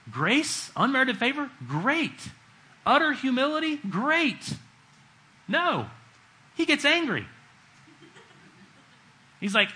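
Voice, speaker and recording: A middle-aged man delivers a sermon in a bright, forceful voice that sits a little high for a man. He talks to the congregation conversationally, acts out the people in his story, and drops to a hush for emphasis. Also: sing-song, measured pace, pauses often, poor audio. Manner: conversational preaching, acts out quotes, swings between loud and hushed. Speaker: preacher.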